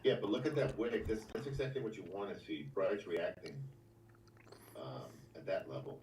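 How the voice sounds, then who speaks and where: Low-voiced hesitant man on a distant mic. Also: big pitch swings, moderate pace. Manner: hesitant, repeats words, often half-whispered. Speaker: guest trader. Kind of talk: casual livestream chat. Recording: roomy, distant mic, faint noise.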